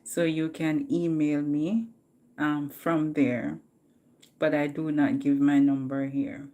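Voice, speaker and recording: Jamaican lady chatting slow on her live, lowish voice, laughs a lot, talks right to viewers. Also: flat delivery, dark tone. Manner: chatty, laughs often, addresses viewers directly. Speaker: live streamer. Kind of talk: casual live-stream chat with viewers. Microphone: phone.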